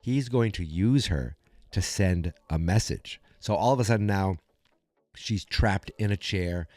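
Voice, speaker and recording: A man hosts a podcast and recaps an episode in a chatty, animated way. His voice sits a little low. The recording is close and dry with no room sound. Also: unhurried, dry recording. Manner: chatty, animated storytelling with many fillers and restarts. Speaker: podcast host.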